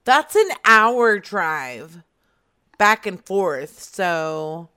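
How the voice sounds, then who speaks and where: A woman's voice: mid-range voice, lively intonation, very slow, pushed and bright, clear, resonant tone. Brash teasing woman prank caller. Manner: teasing, brash, laughing often. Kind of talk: prank phone call.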